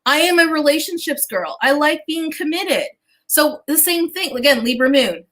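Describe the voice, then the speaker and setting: A woman hosting a casual livestream as a business coach and astrologer, chatty and animated, swearing casually and talking straight to her viewers. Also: sits high, normal speed, low-quality recording.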